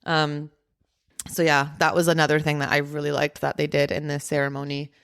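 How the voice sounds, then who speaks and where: A woman's voice: deep voice, completely flat delivery, brisk, a bit bright, clear, resonant tone. A woman hosting a podcast, casually telling a personal story with lots of "like" and "um" fillers. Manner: chatty, heavy use of "like" and "um" fillers. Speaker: podcast host.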